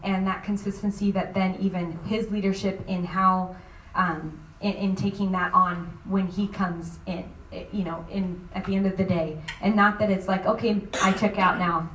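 A woman in her thirties answers a question on a faith-based panel, circling back and restarting her sentences often. Her voice sits at a middle pitch. It sounds echoey and distant, as if picked up from across a room, with faint background noise. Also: little pitch movement, a bit bright. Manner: halting, many restarts and fillers. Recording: roomy sound from a distant mic.

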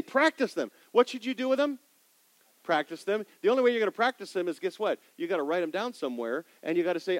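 A middle-aged man preaching in a church sanctuary, asking the congregation questions and swinging between loud emphasis and quiet asides. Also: high voice, expressive, fast, dry recording, poor audio. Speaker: pastor. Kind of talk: sermon.

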